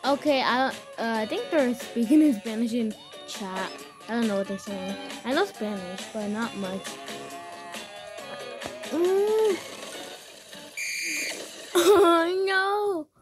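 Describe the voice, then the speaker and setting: High-voiced excitable woman gaming. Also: slow, long pauses, music in the background. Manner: excitable, gasping and giggling, frightened squeals. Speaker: gamer recording her play. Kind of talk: casual gaming commentary.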